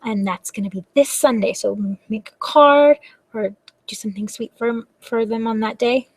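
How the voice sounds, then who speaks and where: A woman reading a picture book aloud for a library storytime, with a slightly high voice. She is expressive and playful and makes sound effects. The recording is dry and close. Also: normal speed, dry recording.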